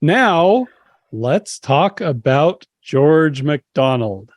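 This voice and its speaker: A man hosting a book club discussion, who talks earnestly and reads passages aloud in measured tones. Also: a little high, big pitch swings, dry recording. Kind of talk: casual discussion and reading aloud.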